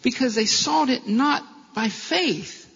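A man's voice: extremely high pitch, slow, creaky, fairly bright tone, breathy edge. A male pastor preaching a sermon with impassioned delivery and rhetorical questions, in a church. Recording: long hall reverb, dull lo-fi sound.

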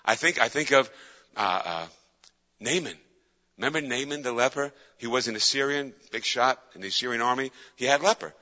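Fervent preacher in a reverberant hall. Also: male voice, mid-range voice, lively intonation, fairly quick, pushed and bright. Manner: fervent, dramatic storytelling with rhetorical questions. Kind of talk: sermon. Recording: dull lo-fi with long hall reverb.

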